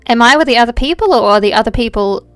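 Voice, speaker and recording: Chatty, animated woman streamer. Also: fairly high pitch, clean tone, no room sound, soft background music. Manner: animated and chatty, with playful swearing and quick asides. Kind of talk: casual chat while playing a game.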